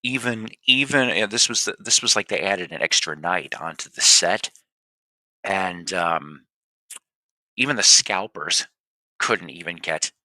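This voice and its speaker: A man's voice: sits low, expressive, measured pace, pushed and bright, no room sound. A man hosting a record show, chatting casually between songs and rambling with restarts.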